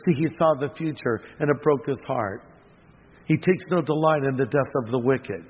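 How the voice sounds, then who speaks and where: A man's voice: medium pitch, normal speed, slightly rough. Older male preacher in a reverberant hall. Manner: earnest preaching with conversational asides. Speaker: pastor. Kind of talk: sermon. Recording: long hall reverb, dull lo-fi sound.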